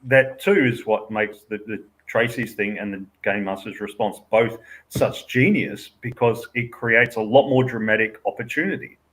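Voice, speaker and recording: A man's voice: on the low side, moderate pace, hardly any pauses, a bit bright. A man co-hosting a casual livestream, talking through game scenarios in a thoughtful, analytical way and laughing often. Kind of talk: casual chat about tabletop games.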